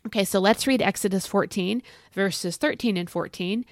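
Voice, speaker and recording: A woman's voice: mid-range voice, moderate pace, dry recording, studio quality. A woman hosting a casual devotional podcast from home, chatty and folksy, repeating phrases for emphasis. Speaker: podcast host and Bible teacher. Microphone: home recording.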